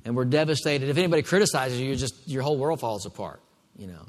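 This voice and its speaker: A man's voice: mid-range voice, big pitch swings, racing, in a large hall. A male pastor preaching a sermon, drawing call-and-response from the congregation.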